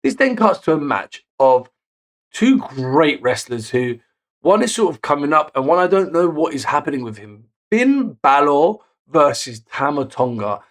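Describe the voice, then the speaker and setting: Man, wrestling recap host, higher register, unhurried delivery, excitable on big moments, self-correcting. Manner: self-correcting, picks words as he goes. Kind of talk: casual recap narration.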